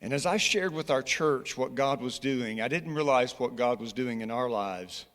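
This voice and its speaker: Man, Scottish accent, earnest, exhorting, stop-start storytelling, mid pitch, long church-hall reverb. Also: expressive, moderate pace, fairly bright tone. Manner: earnest, exhorting, tells stories with frequent restarts. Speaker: college church relations director. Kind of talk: church presentation with personal story. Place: church sanctuary.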